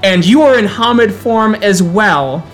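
A man serves as storyteller for a tabletop horror game, describing scenes and explaining rules. His delivery is measured and descriptive, at times drawn out for weight. Faint music plays underneath. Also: high-pitched, expressive.

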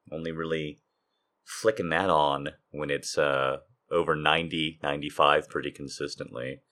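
A man's voice: extremely low pitch, fairly bright tone. A man, hosting a podcast in casual chat, telling rambling, profane, self-amused stories from a room at home. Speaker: podcast host and author. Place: home room with ceiling fan running.

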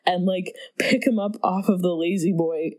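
A woman's voice: on the low side, normal speed. Chatty young woman co-host. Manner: animated, acts out quotes, frequent "like". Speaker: podcast co-host. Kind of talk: casual chat.

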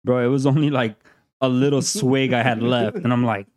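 A man's voice: mid-range voice, steady tone, normal speed, a little mellow, no room sound, studio quality. A man telling a funny story in casual chat, laid-back and swearing, laughing between lines.

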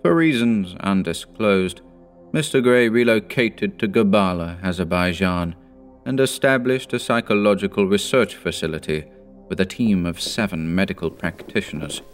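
A man in his thirties narrating a horror story in a measured, grave manner. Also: deep voice, faint music behind.

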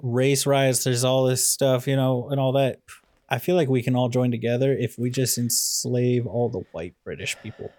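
Male podcast co-host, mid voice, dry booth sound, deadpan rambler. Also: mid-range voice, moderate pace, no room sound. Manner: rambling, provocative deadpan jokes. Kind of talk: casual comedic banter.

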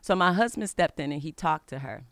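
A woman's voice: deep voice, animated, fairly quick, dry recording. A middle-aged woman hosting a faith-based podcast, telling a personal story in an earnest, conversational way and urging listeners on. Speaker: podcast host.

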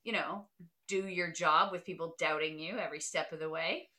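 A woman's voice: deep voice, fairly even intonation, normal speed, pushed and bright. A young American woman chatting casually, blunt and emphatic, often adding "all right?". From United States. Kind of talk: casual chat.

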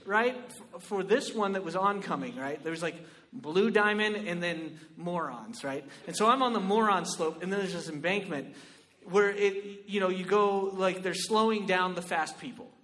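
A male comedian telling a stand-up story in an animated, exclamatory way, often asking "right?". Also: high-pitched, normal speed, big-room sound.

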